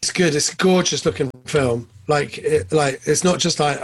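A man co-hosting a podcast, chatting casually about films, excitable and jumping up in pitch when enthused. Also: moderate pace, hardly any pauses, breathy edge. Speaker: podcast co-host. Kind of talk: casual film chat.

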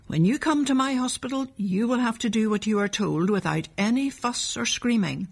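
A calm, kindly middle-aged doctor, firm and reassuring, as a woman reads him aloud. The voice is soft and breathy, in the manner of a storybook read-aloud. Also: on the high side, moderate pace.

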